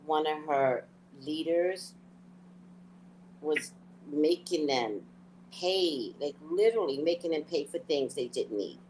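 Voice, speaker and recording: A woman's voice: deep voice, expressive, takes it slowly, a little mellow, slight background noise, low-quality recording. A woman hosting a casual book discussion. She talks candidly and laughs while telling stories. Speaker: host.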